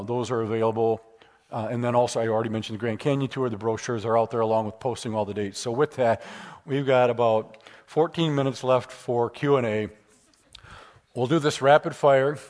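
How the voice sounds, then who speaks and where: A man's voice: medium pitch, steady tone, fairly quick, darkish tone. Emphatic man giving a lecture. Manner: conversational, storytelling, emphatic. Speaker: guest speaker. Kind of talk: public lecture with Q and A.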